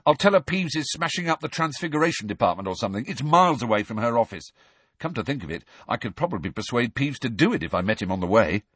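A man reading aloud, voicing an eager, impulsive teenage boy who talks quickly. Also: mid-range voice, sing-song, fairly bright tone, slightly rough, dry recording, studio quality, pitched above the performer's own voice.

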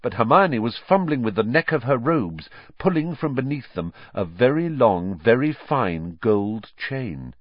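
A man reading a story aloud as an audiobook narrator in a measured, expressive way. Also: medium pitch, no room sound, lo-fi sound. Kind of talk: scripted narration.

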